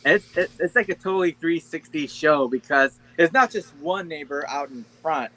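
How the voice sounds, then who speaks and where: A man's voice: fairly high pitch, moderate pace, pushed and bright, rough recording. A man joining a casual live-stream chat, talking earnestly and stumbling over repeated words.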